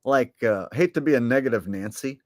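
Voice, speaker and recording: A man's voice: medium pitch, brisk, darkish tone, dry recording, studio quality. A man hosting his own livestream, talking in a rambling, profane, blunt way. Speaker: channel host. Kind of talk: casual livestream talk.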